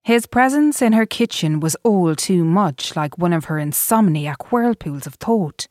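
A woman narrates a novel in a steady, deliberate way. Her voice sits slightly low and her pace is unhurried. The sound is dry and close to the mic. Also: no echo. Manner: even, deliberate storytelling. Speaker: audiobook narrator. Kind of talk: scripted narration.

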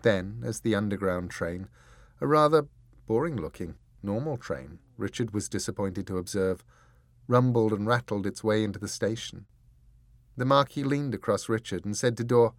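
A man reading an audiobook in measured, deliberate scripted narration, close to the mic. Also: on the low side, no room sound.

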